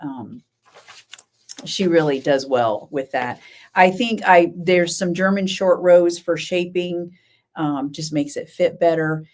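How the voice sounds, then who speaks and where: Chatty lower-voiced woman host. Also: slow. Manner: chatty and rambling, laughs often, answers viewers by name. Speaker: knitting podcast host. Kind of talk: casual live-stream chat with viewers.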